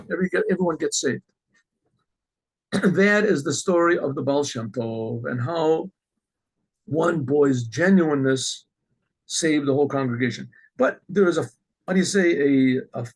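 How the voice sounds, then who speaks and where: A man, a rabbi, telling a religious story in an animated way, often clearing his throat. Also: medium pitch, rough recording.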